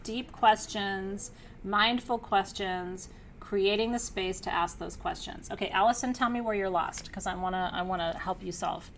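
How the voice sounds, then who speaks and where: A middle-aged woman teaching a class, energetic and outgoing, who laughs often and keeps checking in with her listeners. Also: mid-range voice, moderate pace, slight background noise. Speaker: spiritual teacher leading an online class. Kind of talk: teaching a live class to students.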